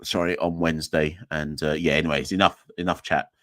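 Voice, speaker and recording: A man's voice: very deep voice, level tone, brisk, fairly bright tone, dry recording. A young man, hosting a podcast and chatting in a rambling, jokey, self-mocking way. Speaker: podcast host. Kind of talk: casual solo sign-off chat.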